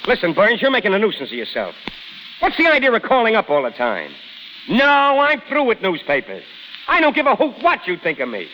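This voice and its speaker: An actor playing a brash, sarcastic newspaper reporter in a 1930s radio drama. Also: male voice, sits high, huge pitch swings, bright, forceful tone, long reverb tail, exaggerated voice, low-quality recording. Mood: wisecracking. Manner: fast, sarcastic, swaggering. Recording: hissy old radio broadcast.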